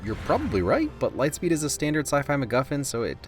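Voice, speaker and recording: A man's voice: medium pitch, huge pitch swings, fast talker, soft background music. A man doing a jokey, self-mocking movie review voice-over, wry and casual. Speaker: film reviewer.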